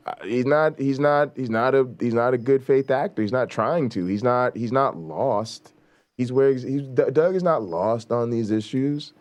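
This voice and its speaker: A man's voice: mid-range voice, a little mellow. A man hosting a talk show in casual commentary, blunt and emphatic, swearing freely and often checking in with a rhetorical "right?".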